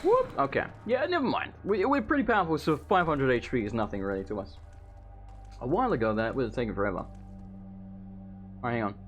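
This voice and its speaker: This is a man's relaxed let's-play commentary, chatty and meandering. His pitch jumps around a lot as he reacts to the game, and he swears casually. Soft game music plays quietly behind his voice. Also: a little fast, long pauses. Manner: rambling and chatty, swearing, eating while talking.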